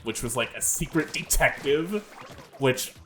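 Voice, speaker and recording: A man's voice: mid-range voice, animated, a little slow, fairly bright tone, soft background music. A young man hosting a gaming video, rambling in casual commentary full of fillers and swearing. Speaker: gaming channel host.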